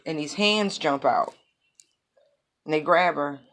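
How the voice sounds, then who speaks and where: A woman with a low, deep speaking voice gives a relaxed tarot reading. She wanders off on tangents and fills her talk with loose asides. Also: takes it slowly. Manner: rambling, lots of fillers and asides. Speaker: tarot reader. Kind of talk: casual spoken tarot reading.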